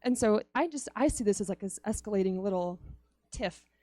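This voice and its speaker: Woman doing a youth talk, chatty, laughs a lot, mid pitch, dry close sound. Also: lively intonation, brisk, dark tone, no echo. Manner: chatty, laughs often, acts out stories. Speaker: youth speaker. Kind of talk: conversational youth sermon.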